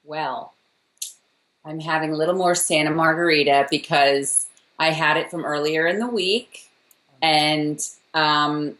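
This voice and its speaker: Woman co-host, wry and offhand, lower voice, echoey video-call sound. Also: steady tone, unhurried, a bit bright. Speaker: podcast co-host. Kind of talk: casual chat.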